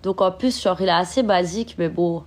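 A woman's voice: on the low side, quick pace. A young woman, sick, chatting casually on a livestream from her bedroom, reading out viewer comments and laughing often.

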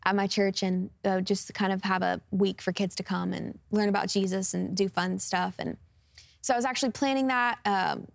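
A woman's voice: medium pitch, fairly even intonation, moderate pace, creaky, no echo. A woman of about twenty, a guest singer sharing her personal testimony in an interview, speaking earnestly and openly with many fillers. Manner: earnest and open, with frequent fillers like "um" and "like".

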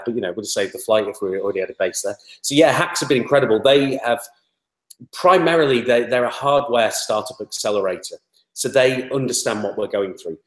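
Chatty man, roomy echo. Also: on the low side. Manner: chatty, rambling, many fillers. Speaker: interview guest, toy startup spokesman. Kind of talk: casual interview talk.

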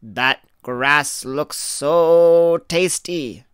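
A man's voice: on the high side, extremely slow, fairly bright tone, smooth, dry recording, clean studio sound, pitched above the performer's own voice. A man voicing the littlest billy goat in a storybook reading, begging and pleading. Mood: longing.

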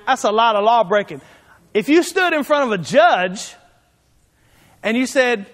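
High-voiced preacher in an echoing hall. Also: male voice, animated, a little slow, long pauses, a bit bright. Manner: folksy, emphatic, repeats points. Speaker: pastor. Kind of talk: sermon.

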